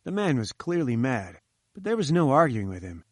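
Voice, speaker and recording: A man narrating a story in a measured, wry storytelling manner. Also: medium pitch, big pitch swings, dry recording, clean studio sound. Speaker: audiobook narrator.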